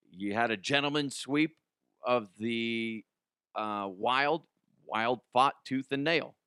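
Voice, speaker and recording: A man's voice: medium pitch, pushed and bright, smooth, no echo, studio quality. A man hosting a comedic sports news show, blunt and crude in his jokes. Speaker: host.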